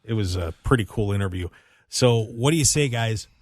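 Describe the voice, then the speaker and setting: A man's voice: lowish voice, lively intonation, moderate pace, no echo. A man hosting a radio show, talking in an upbeat, joking way. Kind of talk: casual radio talk. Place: radio studio.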